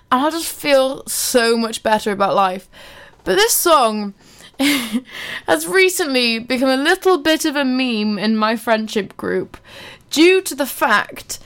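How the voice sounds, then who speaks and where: Woman radio presenter, chatty and giggly, smooth higher voice, studio mic. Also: fairly bright tone. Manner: giggly, chatty, rambling with fillers. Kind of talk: casual radio chat between songs.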